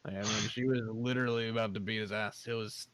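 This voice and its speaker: Laid-back man, clear steady voice. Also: lowish voice, quick pace. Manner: laid-back, swears casually. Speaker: player. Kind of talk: tabletop role-play, in and out of character.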